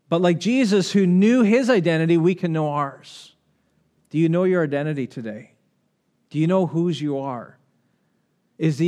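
A man's voice: fairly high pitch, a little mellow. A man preaching a conversational sermon, reading scripture and asking the congregation questions. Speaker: pastor.

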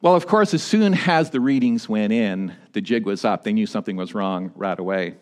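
A pastor delivering a sermon, swinging between emphatic high points and quieter, low-voiced storytelling. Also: male voice, moderate pace. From Canada. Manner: animated preaching, rising to emphatic peaks and dropping low for stories.

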